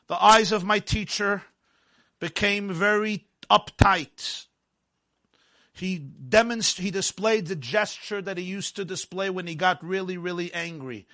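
A man tells a personal story in the first person, measured and dramatic. His voice sits high for a man and sounds bright and forward. He often eases into softer, quieter passages.

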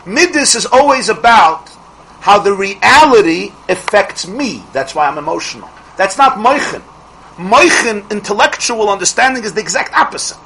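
A middle-aged man teaching a Torah class as a rabbi, asking rhetorical questions and restarting his phrases quickly. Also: sits high, lively intonation, bright, forceful tone, a little hiss or hum, poor audio.

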